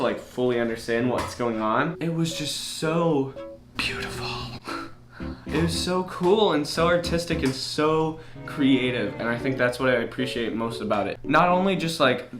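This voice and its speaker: A young man in his late teens rambles goofily to the camera and pokes fun at himself. His voice sits at a middling pitch. The room is echoey, with guitar music playing behind him. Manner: rambling, self-mocking, goofy. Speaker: vlogger. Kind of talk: casual chat to camera.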